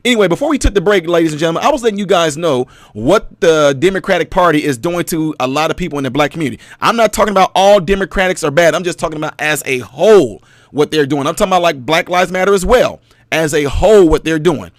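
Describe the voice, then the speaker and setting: A commentary channel host delivers a casual monologue, telling a story, firing rhetorical questions at his audience, and sometimes putting on mocking voices in an animated way. His voice is a little high and fast, in a dry, studio-quality recording.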